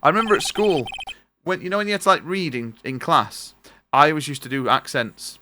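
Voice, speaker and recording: A man's voice: fairly high pitch, lively intonation, a little fast. A young man streaming a game, chatting casually and reading its dialogue aloud in his own voice over a noisy recording. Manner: chatty, reads on-screen text in his own voice.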